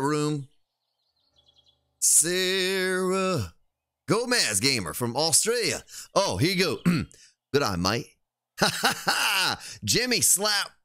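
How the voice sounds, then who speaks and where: A man's voice: fairly high pitch, sharp tone, no echo. A man streaming a survival game live, chatting casually and playfully joking with his chat while he plays.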